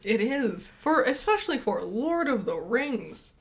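A woman co-hosting a casual podcast, her voice sitting a bit on the high side. She chats along with quick opinions and breaks into laughter often. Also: big pitch swings. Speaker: podcast co-host. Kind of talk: casual chat.

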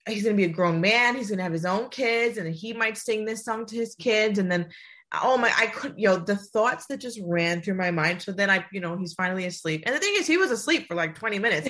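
A young woman in casual chat, animated and laughing often as she talks through tears. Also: medium pitch, brisk.

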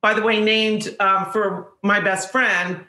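A woman, an actress guest, telling an animated behind-the-scenes story with quick quoted lines. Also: medium pitch, roomy sound, rough recording. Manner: fast storytelling with quoted voices. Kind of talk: animated anecdote.

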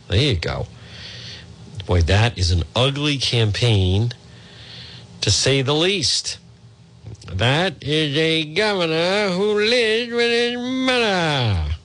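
A man's voice: lowish voice, a bit bright. A man hosting a talk radio show, blunt and sarcastic, heckling the news he reads. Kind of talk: opinionated radio commentary.

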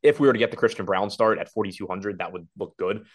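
A man's voice: lowish voice, slightly rough. A man co-hosting a fantasy basketball show, thinking aloud as he breaks down player ownership and projections. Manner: rapid, analytical, thinking aloud. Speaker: fantasy sports podcast co-host. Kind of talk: casual sports betting chat.

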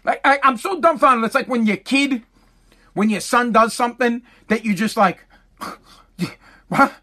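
A man's voice: extremely high pitch, a little slow, sharp tone. A man delivering a casual ranting monologue, profane and exasperated, full of stumbling restarts, talking into a close mic. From Massachusetts. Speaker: commentator.

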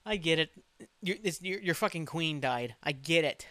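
A man's voice: on the high side, expressive, normal speed, sharp tone, dry recording. A man hosting a solo podcast, rambling casually, swearing freely and poking fun at himself. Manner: rambling, profane, self-mocking. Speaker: podcast host.

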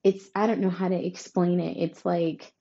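A woman's voice: fairly low pitch, level tone, normal speed, gravelly, mellow, muffled recording. A woman giving a horoscope reading straight to her listeners, emphatic and reassuring, often tagging her points with "right?". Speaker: astrology reader. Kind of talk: tarot-style horoscope reading to camera.

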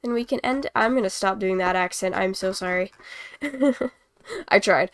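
Hosting a laid-back live-stream hockey chat, a young woman speaks in an unhurried, medium-pitched voice. She paints while rambling, giggling, and being self-deprecating.

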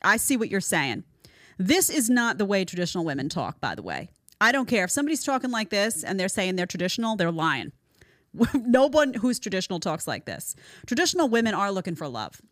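A woman's voice: mid-range voice, sing-song, fairly quick, no echo, clean studio sound. A woman hosting a reaction commentary show, talking emphatically and repeating phrases for stress. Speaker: host. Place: studio in Florida.

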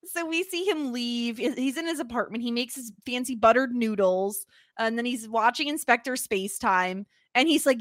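Woman, high voice, excitable, giggly, casual podcast chat, dry close sound. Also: normal speed, no echo. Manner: excitable, giggly, quotes lines and hums tunes. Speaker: podcast co-host. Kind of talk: casual chat recapping a TV episode.

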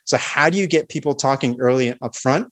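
A man of ordinary pitch explains, confident and instructive, how to open a sales call. He talks through each step in a clear, practical way. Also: fairly quick. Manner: confident, instructive, acts out sample calls. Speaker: sales expert guest.

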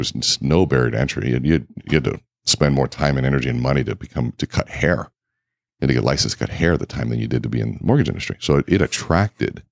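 A man guest in a casual interview, telling lively anecdotes full of quoted dialogue. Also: very deep voice, gravelly, dry recording, studio quality. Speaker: keynote speaker and guest.

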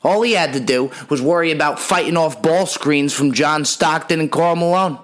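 A man's voice: on the high side, moderate pace, fairly bright tone. A young adult man hosting a comedy podcast, telling rambling, profane stories in a brash, joking way. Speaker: podcast host.

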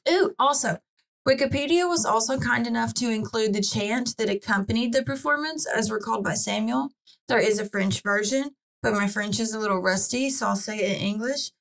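A woman co-hosting a casual podcast, chatting playfully and reading old excerpts aloud slowly. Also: a little high, creaky, a bit bright, low-quality recording. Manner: playful, reads slowly and carefully. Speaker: podcast co-host.

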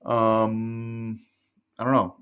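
A man's voice: lowish voice, completely flat delivery, drawn-out words, a bit bright, smooth. A young adult man co-hosting a podcast in casual chat, wry and teasing with firm opinions. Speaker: podcast co-host.

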